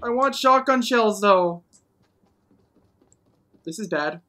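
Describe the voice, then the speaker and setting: A male gaming host giving live gameplay commentary, excitable, whooping and playfully taunting opponents. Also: high voice, slow, soft background music.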